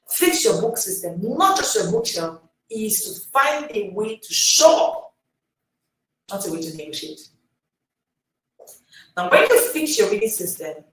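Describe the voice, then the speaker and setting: Emphatic woman coach in an echoey room. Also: mid-range voice. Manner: emphatic and repetitive, with sharp swings between loud and hushed. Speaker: reading coach. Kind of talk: motivational teaching talk. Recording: very echoey room, mic far off.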